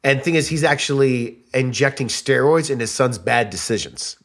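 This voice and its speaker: A man from Michigan appearing as a comedian guest on a casual podcast, talking in an energetic, slangy way and reacting emphatically. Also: medium pitch, moderate pace.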